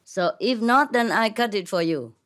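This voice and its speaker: A woman speaking to an audience in slow, halting English, mixing in French words and laughing often, with a cough. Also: medium pitch, lively intonation, fairly bright tone. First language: not English. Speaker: spiritual teacher addressing an audience. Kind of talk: casual talk to an audience, joking.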